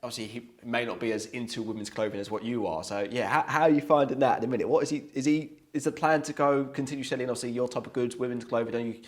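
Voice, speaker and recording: Fast, chatty man hosting an interview podcast; keeps firing follow-up questions. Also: mid-range voice, steady tone. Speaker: podcast host.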